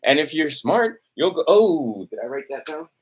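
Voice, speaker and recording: A man's voice: fairly high pitch, very animated, normal speed, breathy edge. A man ranting to camera, swearing often, tossing in "right?" and losing his place in his notes. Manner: profane, testy, repeats "right?". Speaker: vlogger. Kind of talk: heated ranting monologue to camera.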